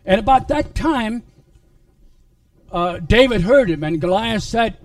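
A man preaching a sermon, retelling a Bible story in a halting way with many restarts. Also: high voice, lively intonation, no room sound, distant mic.

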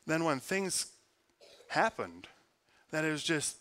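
A man's voice: fairly high pitch, very animated, measured pace. Earnest man preaching a sermon. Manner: earnest, swings between loud emphasis and soft quiet prayer. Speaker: pastor.

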